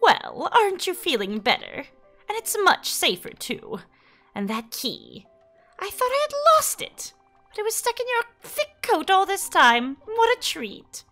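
A woman reading aloud the lines of a gentle, chatty old woman character in a video game, in a sweet, motherly way. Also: very high voice, huge pitch swings, a little slow, faint music behind, pitched above the performer's own voice, full character voice. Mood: cheerful.

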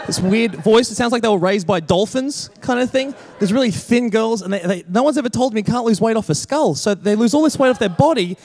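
Young male stand-up, high voice, wry mocking delivery with quick impressions. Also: a little mellow. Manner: wry, mocking impressions, laughs at own jokes. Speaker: stand-up comedian. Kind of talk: stand-up routine. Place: comedy stage before a live audience.

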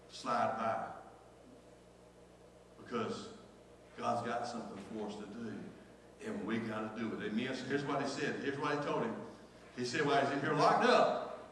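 A man's voice: medium pitch, fairly bright tone, slight background noise. A middle-aged man preaching a sermon as pastor, emotional, repeating phrases and calling out to his congregation. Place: church sanctuary. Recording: echoey church hall from far off.

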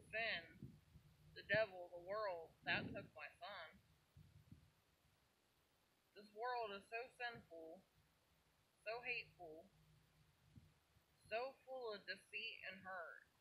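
A woman with a bright, tense voice gives a heartfelt personal testimony about losing her son. She talks earnestly and a little preachily about her faith, and her voice swells with emotion. A faint hiss sits under her voice. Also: mid-range voice, rough recording. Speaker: grieving mother sharing her story.

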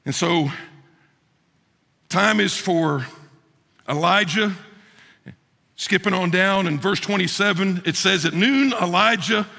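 A man preaching a sermon as pastor, animated, with joking asides and mock voices for the figures he quotes. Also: sits high, takes it slowly, creaky, pauses often. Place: church sanctuary. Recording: reverberant church sanctuary.

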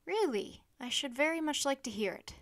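A woman voicing a wise, calm Roman emperor, speaking in a slow, measured, stately way. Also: high-pitched, pitched above the performer's own voice.

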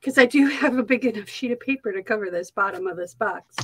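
A woman's voice: mid-range voice, fast talker, fairly bright tone, slight background noise, rough recording. A woman with a Minnesota accent chatting casually on an art live stream, talking to herself as she works. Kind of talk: casual chat while crafting.

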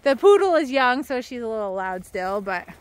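A woman's voice: very animated, moderate pace. A woman walking a large pack of dogs outdoors, chatting casually to the camera and calling out to the dogs in a sing-song voice. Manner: switches to high sing-song praise when calling the dogs. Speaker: dog walker. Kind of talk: casual vlog narration while walking dogs. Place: outdoors on a trail near a river.

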